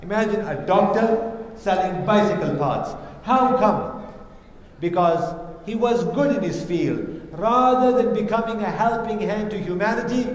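High-voiced preacher man in echoing hall. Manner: emphatic, repeats key lines. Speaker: imam. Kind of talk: Friday sermon. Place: large mosque hall. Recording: echoey hall reverb.

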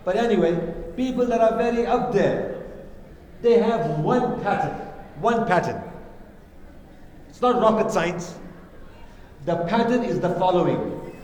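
A man's voice: sits high, animated, a little slow, long pauses, a little mellow, slight background noise. A man delivering a Friday sermon as imam, emphatic and repeating his key lines for weight. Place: large mosque hall. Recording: echoey hall reverb.

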